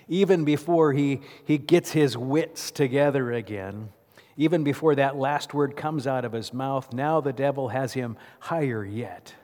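A male pastor preaches in a church and tells the story with plenty of rhetorical questions. His mid-pitched voice carries a long reverb tail through the sanctuary. The delivery is vivid storytelling. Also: darkish tone. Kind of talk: sermon.

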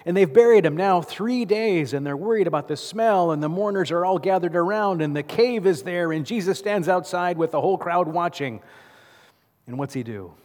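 A man's voice: high voice, normal speed, a little mellow. Storytelling male preacher in a reverberant church. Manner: storytelling, with rhetorical questions. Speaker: pastor. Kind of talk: sermon.

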